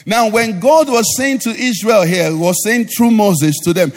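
Male pastor, high sing-song call-and-response sermon, live hall reverb. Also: a little slow, few pauses. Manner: call-and-response preaching, asks the congregation to finish sentences; sing-song rising delivery at climaxes. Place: church. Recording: live church hall with reverb and faint music.

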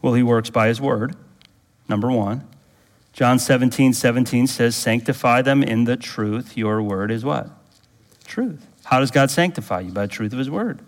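A man's voice: normal speed, big-room sound. A pastor preaching a sermon, emphatic, drawing answers from the congregation and rising to fervent intensity when he prays aloud. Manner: emphatic, asks the congregation to fill in words; rises to fervent, higher-pitched intensity in prayerful passages.

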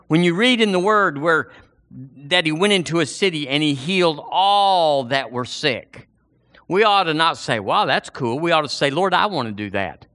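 A man's voice: a little high, a little slow. Folksy preacher in his sixties. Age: 60s. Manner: folksy and animated, acting out dialogue. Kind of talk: sermon.

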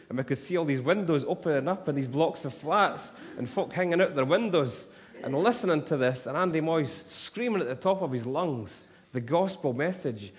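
A man's voice: on the high side, normal speed. A man preaching a sermon, telling stories and rising to impassioned appeals. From Scotland. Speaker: pastor. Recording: long hall reverb.

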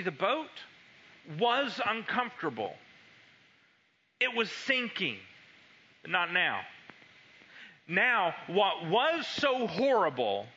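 A man preaching a sermon, telling the story with animated energy and slipping into the disciples' voices. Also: high voice, lo-fi sound.

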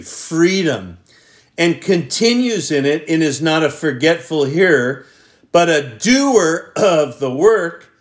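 A man preaching a sermon as pastor, reading scripture aloud and stretching key words out with long pauses for emphasis. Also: a little high. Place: church.

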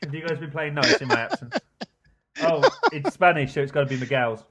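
A man's voice: on the high side, wildly swooping pitch, a little fast, a bit bright, breathy edge. A man hosting a casual podcast among friends, joking, swearing and laughing often. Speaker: podcast host. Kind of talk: casual pub-style chat among friends.

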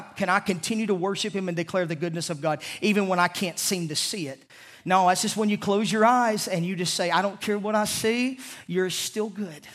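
A man from the American South with a Southern accent, preaching an impassioned sermon as pastor to a congregation, swinging from loud declarations to hushed lines. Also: sits high. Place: church sanctuary with a congregation.

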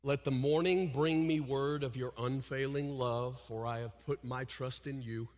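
A man preaching a sermon, dropping to hushed, intimate lows and rising to loud pleading cries. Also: steady tone, unhurried, long reverb tail. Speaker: pastor.

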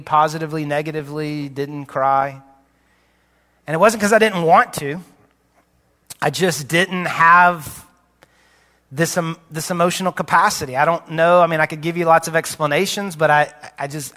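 A man in his late thirties preaching a sermon as a pastor, candid and conversational, often sinking to a low, soft voice. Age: late 30s. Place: church sanctuary. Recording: long reverb of a large hall.

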